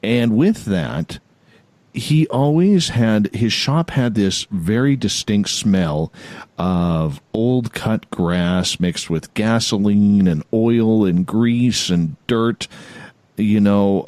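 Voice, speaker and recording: A man in his forties hosts a radio talk show in a low voice that swings widely in pitch. He tells stories with animated repetition, recorded dry and close with no room echo. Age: 40s. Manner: animated storyteller, repeats phrases. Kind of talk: casual storytelling chat.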